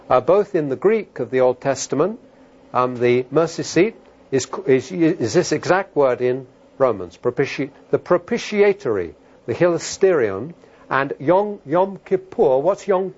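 A middle-aged man preaching a sermon, talking emphatically and building to loud, animated outbursts. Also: on the high side, normal speed, slightly rough. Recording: dull lo-fi sermon recording.

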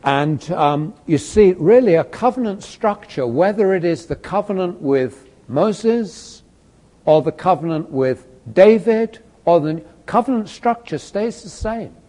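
A male lecturer with a fairly high voice teaches a class in a lively, conversational way. He tells a long illustration, drops in fillers and teasing asides to students, and often swings between loud, pushed phrases and soft, quiet ones. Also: a little slow.

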